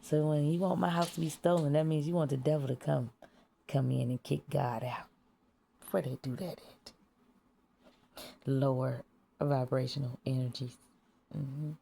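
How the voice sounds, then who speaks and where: Gravelly low-voiced woman ranting bluntly. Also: fairly even intonation, moderate pace, long pauses, mellow, a little hiss or hum. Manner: blunt, profane, laughs at her own jokes; drops to whispers at times. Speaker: vlogger. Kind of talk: casual spiritual monologue.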